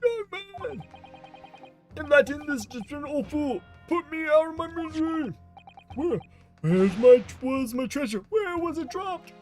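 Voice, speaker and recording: A man voicing a frantic old man who frets over his lost treasure, with a shrill, quavering, wailing delivery. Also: lively intonation, a little slow, darkish tone, faint music behind. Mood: pleading. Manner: wailing, exaggerated dismay. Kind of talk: reading game dialogue aloud with voices.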